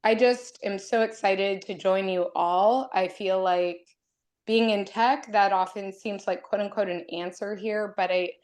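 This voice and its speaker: A woman's voice: mid-range voice, steady tone, measured pace, darkish tone. A woman from Oregon introducing herself to an online committee meeting, earnest and emotional as she talks. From Oregon, USA. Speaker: committee member. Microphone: video call.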